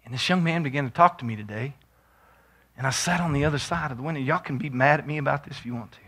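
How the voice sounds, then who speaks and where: Bright-voiced preaching pastor, a man. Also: medium pitch, fast talker, slightly rough. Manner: builds from quiet storytelling to shouted preaching. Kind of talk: sermon.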